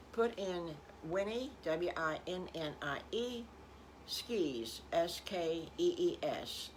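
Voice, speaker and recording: An older woman improvises a children's story, speaking very slowly in a somewhat low voice. She is folksy and breaks off for chuckling asides to her young listeners. A faint hiss sits under the voice.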